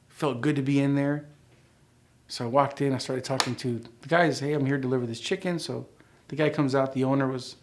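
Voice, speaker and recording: Gravelly man telling his testimony. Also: mid-range voice. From United States. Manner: animated storyteller, acting out quoted dialogue. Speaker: church member sharing his testimony. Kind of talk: personal testimony storytelling.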